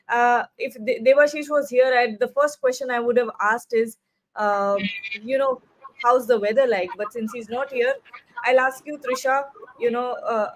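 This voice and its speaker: Female show host, fairly high voice, chatty, live discussion on a video call. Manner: chatty, uses fillers like "uh, you know".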